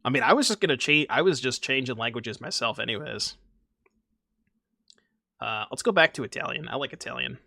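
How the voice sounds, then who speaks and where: Young male streamer, animated, bright voice, dry close mic, self-mocking banter. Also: medium pitch, brisk, gravelly, pauses often, no echo. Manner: chatty, self-mocking, talks to chat. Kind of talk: casual gameplay commentary.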